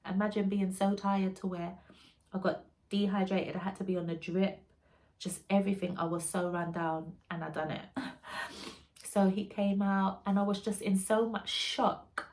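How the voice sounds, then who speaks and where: A young woman telling her birth story, soft, halting and often hushed. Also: medium pitch. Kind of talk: emotional personal storytelling.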